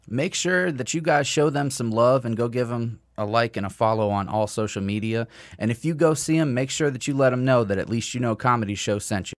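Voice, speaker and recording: A man's voice: medium pitch, fairly quick, few pauses, dry recording, studio quality. A man co-hosting a casual comedy podcast, telling profane, ranting stories. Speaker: podcast co-host. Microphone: podcast mic.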